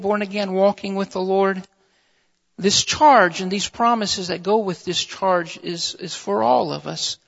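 High, gravelly preacher in a hall. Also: male voice, lo-fi sound. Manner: builds from calm reading to fervent preaching. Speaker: pastor. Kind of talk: sermon. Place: church sanctuary.

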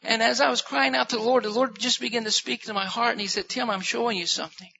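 A male preacher with a high, gravelly voice delivers an earnest sermon and repeats his phrases for emphasis. His tone is bright and a little husky. The recording sounds muffled and lo-fi. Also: fairly even intonation, fast talker.

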